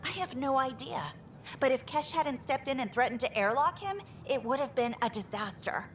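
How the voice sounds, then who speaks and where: A woman's voice: sits high, lively intonation, moderate pace, slight background noise. An actress playing a frustrated female engineer in a video game, speaking candidly and wryly about her troubles. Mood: exasperated. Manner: exasperated, candid, wry.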